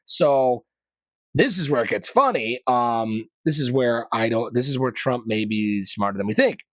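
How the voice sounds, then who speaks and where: This man hosts a laid-back podcast on current events, wandering into opinionated digressions peppered with casual slang and light cursing. His medium-pitched voice is expressive and a bit bright, paced measuredly, with no echo.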